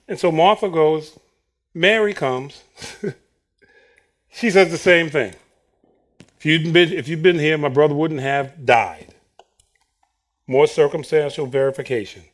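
Male preacher, high voice, unhurried delivery, animated storytelling sermon. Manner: animated, acts out Bible quotes with laughter.

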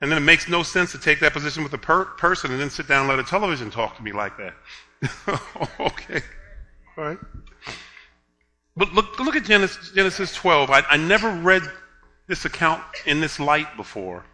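A man preaching a sermon, telling a story with laughs, then reading scripture slowly and building to loud emphatic points. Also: fairly high pitch, expressive. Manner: drawn-out, slow reading of scripture.

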